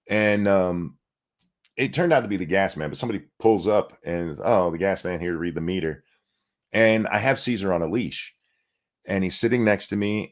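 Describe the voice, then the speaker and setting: A man hosting a podcast, ranting and telling stories in a casual, profane, exasperated way. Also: lowish voice. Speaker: podcast host.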